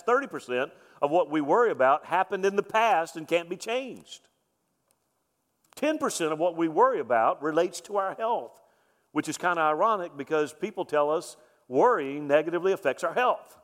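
A man's voice: on the high side, expressive, moderate pace, a bit bright. A man preaching a sermon as pastor, emphatic, repeating key lines and asking rhetorical questions. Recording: long reverb of a large hall.

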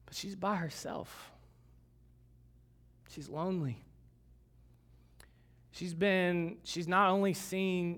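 A male pastor delivers a sermon in a slightly high voice. He reads scripture with emphasis and breaks in with conversational asides to his listeners. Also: a bit bright.

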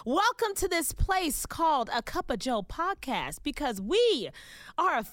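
A woman's voice: sits high, sing-song, unhurried, fairly bright tone, no room sound. A woman hosting a podcast in a recording booth, talking in an exuberant, playful, gushing way. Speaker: podcast host. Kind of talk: casual podcast chat.

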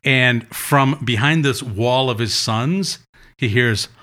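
A man tells funny family stories in a loose, chatty way, and he often slips into the voices of the people in them. His tone is bright and his pitch sits in the middle. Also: slow. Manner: animated anecdotes, acting out quotes. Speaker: guest. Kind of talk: casual storytelling.

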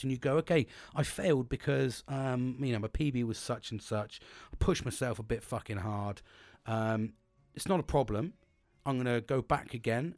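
A man hosts a podcast in a loose, candid monologue, swearing often and breaking off to restart his thoughts. His voice sits at an ordinary middle pitch and sounds close and dry, with no room around it. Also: a little mellow, dry recording. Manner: chatty and frank, swears freely, restarts sentences. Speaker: podcast host. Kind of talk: casual monologue on coping and mental health.

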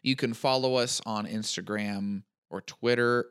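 A man's voice: medium pitch, fairly even intonation, unhurried, a bit bright, clear, resonant tone, no room sound, studio quality. A man hosting a podcast in casual chat, joking his way through the plugs and sign-off. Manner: joking, playful delivery of plugs. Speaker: podcast host.

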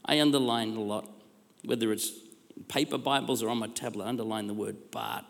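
An Australian man preaching a sermon as pastor, with energetic, exclamatory delivery and repeated calls to the congregation. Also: medium pitch, a little fast, gravelly. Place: large church hall. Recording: long hall reverb.

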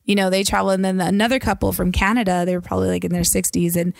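Chatty woman with a gravelly voice. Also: mid-range voice, level tone, rapid-fire, dry recording, studio quality. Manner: chatty storyteller, lots of fillers and quoted voices. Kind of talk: casual chat.

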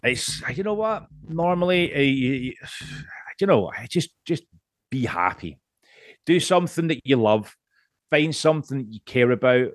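A man's voice: medium pitch, expressive, measured pace, no room sound, studio quality. Rambling Scottish-born man in his late 30s. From Scotland. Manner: rambling, swears freely, many restarts. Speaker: podcast guest. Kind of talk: casual podcast chat.

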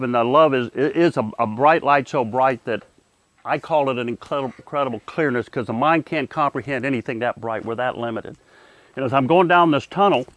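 Earnest older man, halting testimony. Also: medium pitch, fairly bright tone, no echo. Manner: earnest, halting, frequent repeated starts. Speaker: Vietnam veteran recounting a near-death experience. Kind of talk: personal testimony.

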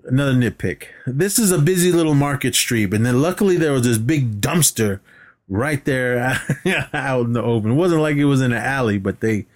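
A man's voice: medium pitch, normal speed. Casual swearing man recapping a movie. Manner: animated retelling with acted-out quotes, swears freely, laughs often. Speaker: podcast co-host.

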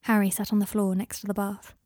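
A woman reading her own story aloud as author and narrator, in a soft, even storytelling manner. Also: mid-range voice, fairly quick, dry recording, studio quality.

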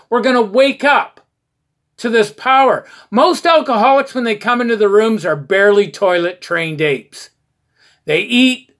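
A man's voice: high-pitched, a bit bright. Earnest man preaching the twelve steps. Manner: earnest and preachy, with rhetorical questions and short anecdotes. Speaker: recovery meeting speaker.

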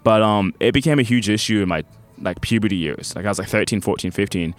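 A man's voice: fairly low pitch, fast talker, faint music behind. A man in his thirties with a British-sounding American accent and unusual R sounds, chatting loosely as an interview guest. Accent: American with British-sounding speech. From United States, grew up in Orlando. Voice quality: unusual R sounds from a childhood speech impediment. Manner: rambling, filler-heavy, laughs easily. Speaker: guest, band member. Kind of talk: casual interview chat.

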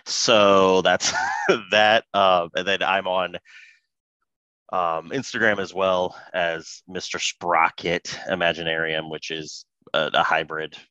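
A man's voice: low-pitched, sharp tone, clean tone, dry recording. A man co-hosting a podcast in a casual, self-deprecating, joking way. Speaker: podcast co-host. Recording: dull, slightly lo-fi dry mic.

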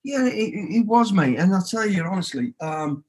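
Blunt Brummie man, husky voice. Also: high-pitched, animated, moderate pace, darkish tone. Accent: Birmingham. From England. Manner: blunt and swearing freely, telling stories with quoted inner thoughts. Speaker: guest. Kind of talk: candid podcast interview.

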